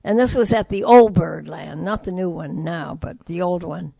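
An older woman from Detroit, a jazz singer telling stories in an interview, animated and acting out the voices of the people she quotes. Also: lowish voice, moderate pace, creaky, slightly rough, dry recording. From Detroit, USA. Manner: lively storyteller who acts out quoted voices. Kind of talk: storytelling interview.

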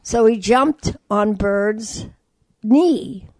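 An older woman from Detroit, a jazz singer telling stories in an interview, animated and acting out the voices of the people she quotes. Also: medium pitch, very slow, no room sound. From Detroit, USA. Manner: lively storyteller who acts out quoted voices. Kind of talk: storytelling interview.

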